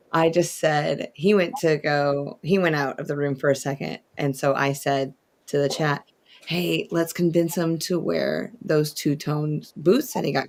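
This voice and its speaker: A man's voice: a little high, vocal fry. A man co-hosting a sewing livestream in easygoing, agreeable casual chat. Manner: easygoing, agreeable, soft-spoken. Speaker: co-host.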